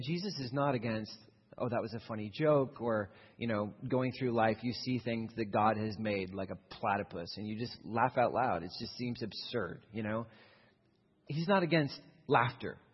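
A man's voice: medium pitch, husky. A man preaching a sermon as pastor, earnest and conversational, explaining his points and acting out quoted voices. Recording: dull long reverb of a large hall.

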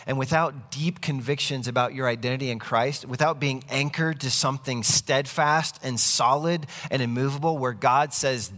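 A man's voice: medium pitch, moderate pace, hardly any pauses, a bit bright, in a large hall. A man preaching a sermon, earnest and conversational, telling stories as he goes. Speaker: pastor.

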